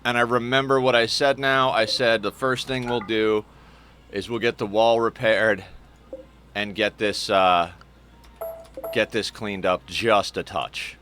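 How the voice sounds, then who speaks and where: A man's voice: fairly low pitch, fairly even intonation, measured pace, bright, forceful tone, soft background music. A man streaming and commenting on a game in a chatty, rambling way, swearing casually and restarting his sentences.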